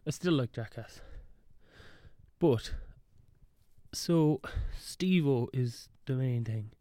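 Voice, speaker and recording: Rambling man with a mellow voice. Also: medium pitch, slow, no echo, studio quality. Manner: rambling, wry, self-interrupting. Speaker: podcast host. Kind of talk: casual solo monologue.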